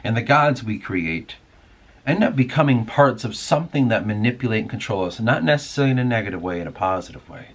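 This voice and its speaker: A man's voice: on the low side, expressive, fast talker, husky. A man hosting a casual spoken monologue, rambling and musing aloud with plenty of swearing. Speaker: podcast host.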